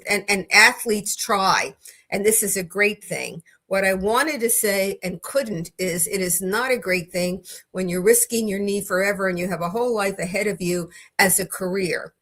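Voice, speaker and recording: A woman's voice: mid-range voice, a bit bright. An older woman hosting a legal commentary livestream, telling a story in a chatty, opinionated way with frequent restarts.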